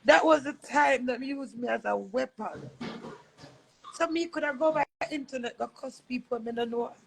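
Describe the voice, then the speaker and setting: A woman's voice: sits high, normal speed, gravelly, a little hiss or hum, low-quality recording. A woman with a Jamaican accent on a live stream, earnest and preachy, switching between patois and English, emotional while recovering from illness. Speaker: livestreamer.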